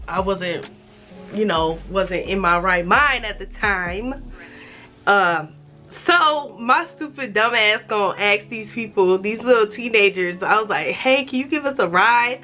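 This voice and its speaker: A woman's voice: medium pitch, bright, forceful tone. A young adult woman vlogger telling a casual, profane storytime, acting out the voices of the people in it.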